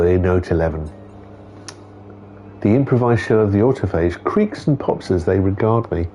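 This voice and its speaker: Low, mellow-voiced man chatting through a game. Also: animated, moderate pace, long pauses, soft background music. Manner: chatty, talks to game characters and reads dialogue aloud. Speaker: game streamer. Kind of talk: casual gameplay commentary.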